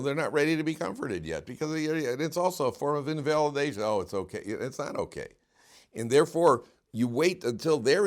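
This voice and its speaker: A man, a rabbi giving an informal Torah class, talking animatedly many restarts and questions to his students. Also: medium pitch.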